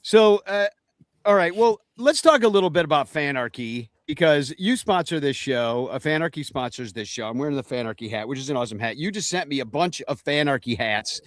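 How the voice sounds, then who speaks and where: A man's voice: a little high, animated, brisk, no room sound. A man hosting a casual chat show, joking with wry asides. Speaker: host.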